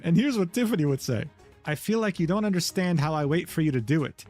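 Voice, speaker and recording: A man rattles through a drama recap at a quick clip, reading quoted messages aloud and adding sardonic asides. His voice sits a little high, and faint music plays underneath. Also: expressive, darkish tone. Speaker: commentary narrator.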